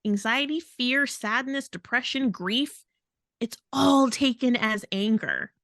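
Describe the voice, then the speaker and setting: A woman's voice: on the high side, lively intonation, slow, a bit bright, no echo, clean studio sound. A woman co-hosting a podcast in casual talk, speaking in an emphatic, indignant way. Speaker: podcast co-host.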